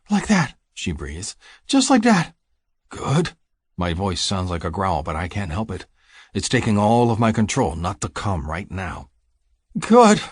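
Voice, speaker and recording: A man narrating an audiobook in the first person, reading in a low, intimate, measured way. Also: husky, no room sound, clean studio sound.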